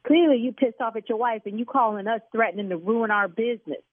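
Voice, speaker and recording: A woman who owns a salon, arguing brashly on a phone call and getting loud and cursing. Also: fairly high pitch, quick pace, dry recording. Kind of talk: heated phone argument. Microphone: telephone. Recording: tinny phone line.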